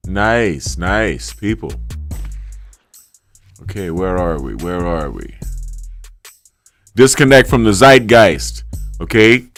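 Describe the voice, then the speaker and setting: A man's voice: deep voice, animated, slow pace, pauses often, a bit bright. A man with a New Orleans accent hosting a casual livestream, lecturing in a repetitive way and checking in with the audience often. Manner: repetitive, lecturing, keeps checking in with "right?" and "okay?". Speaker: livestream host. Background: faint funky music beat.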